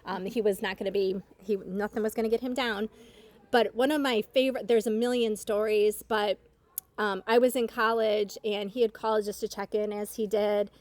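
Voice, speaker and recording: A middle-aged woman giving an earnest, reflective family tribute at a gathering, telling personal stories with many small pauses. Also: medium pitch, fairly even intonation, darkish tone. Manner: earnest, reflective storytelling with fillers.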